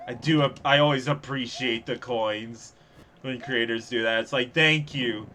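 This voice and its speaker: A young man giving live, sarcastic gameplay commentary as he streams, reacting fast and laughing at his own mishaps. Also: medium pitch, flat delivery, a bit bright. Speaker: streamer playing a level contest.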